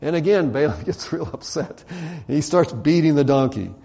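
A man delivers a sermon in a loose, conversational storytelling style. His tone is mellow and dark, and he animates the quotes and leans on casual fillers. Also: a little high, animated, moderate pace, creaky. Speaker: preacher.

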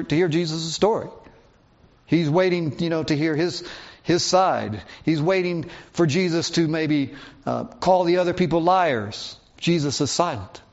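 Lo-fi pastor preaching through scripture. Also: male voice, on the high side. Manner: expository Bible teaching, reads scripture aloud. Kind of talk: sermon. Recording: dull lo-fi sound.

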